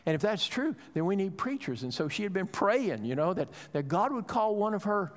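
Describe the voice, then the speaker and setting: A man's voice: sits high, sing-song, a little fast. Man preaching a story in a reverberant hall. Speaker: pastor. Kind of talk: sermon.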